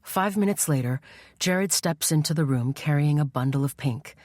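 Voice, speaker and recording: Low-voiced woman narrating a thriller. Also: moderate pace, darkish tone, dry recording. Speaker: audiobook narrator. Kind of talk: scripted first-person thriller narration. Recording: dry studio voice-over.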